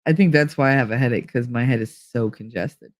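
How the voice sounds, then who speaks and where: A woman's voice: extremely low pitch, brisk, dry recording. A woman hosts a casual livestream, her voice stuffy and congested from a cold. She talks bluntly, often laughing as she answers chat. The sound is close and dry, with no room around it. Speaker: livestream host reading chat.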